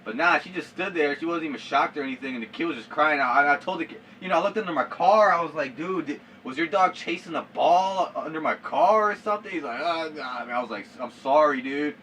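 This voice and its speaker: A young man recounts a story in loose, slangy storytelling. His voice sits a bit high and sounds bright and forceful, and he keeps saying "dude" between bursts of shouted sound effects. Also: animated, fast, few pauses, slight background noise. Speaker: vlogger. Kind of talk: casual storytelling.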